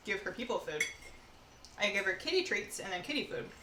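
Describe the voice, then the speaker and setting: A woman with a fairly low, sharp voice talks briskly while baking at home on a live stream. She chats casually, drifting from one aside to the next, in a roomy, echoey recording with faint background noise.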